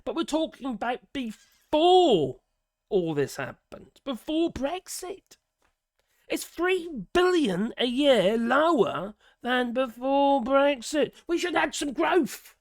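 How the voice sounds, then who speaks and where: Raspy British man, sarcastic rant, lively swooping pitch, dry close sound. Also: slow, dry recording. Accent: British English. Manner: sarcastic, exasperated, swears freely. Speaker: political commentator. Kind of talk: casual ranting commentary.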